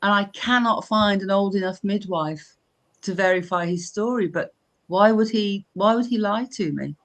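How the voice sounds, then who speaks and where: An older woman from England hosts a relaxed live-stream chat. She tells her stories in a chatty, animated way, stumbling and restarting as she goes. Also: medium pitch, normal speed. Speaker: host.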